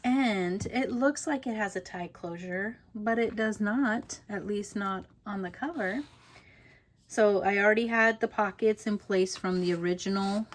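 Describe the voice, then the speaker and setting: A woman's voice: mid-range voice, unhurried. Woman, craft tutorial host, chatty, giggly, rambling, casual home talk. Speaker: papercraft channel host.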